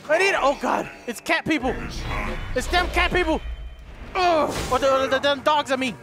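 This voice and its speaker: A man giving excitable let's play commentary, with loud outbursts and giggly laughter. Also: very high-pitched, moderate pace, over music. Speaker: gaming YouTuber.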